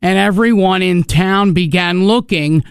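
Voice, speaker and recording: Male radio co-host: high, gravelly yet smooth voice, chatty, dry close studio sound. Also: a little slow, no room sound. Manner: chatty, filler-heavy storytelling. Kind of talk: morning radio banter. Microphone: studio mic.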